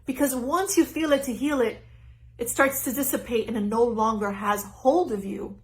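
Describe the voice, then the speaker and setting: A middle-aged woman giving an earnest, animated live-stream talk as a spiritual teacher, speaking into her phone. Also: a little high, normal speed, slight background noise, rough recording. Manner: earnest, animated, laughs easily. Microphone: phone on a stand.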